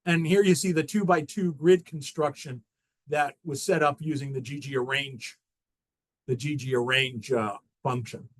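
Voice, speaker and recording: A man's voice: mid-range voice, fairly even intonation, moderate pace, fairly bright tone, low-quality recording. A man giving a technical seminar presentation, walking through slides with frequent restarts and fillers.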